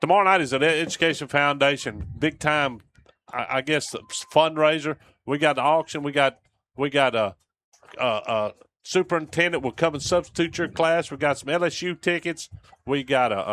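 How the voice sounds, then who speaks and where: A man doing folksy, excited color commentary on a football radio broadcast, often repeating words. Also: on the high side, moderate pace. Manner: hyped, folksy, repeats himself. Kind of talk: lively radio banter.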